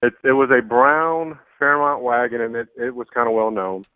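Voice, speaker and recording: Phone-in guest, male, relaxed and plain-spoken, tinny line. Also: medium pitch, normal speed, smooth, dry recording. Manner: relaxed, explains plainly with fillers. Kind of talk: casual phone interview.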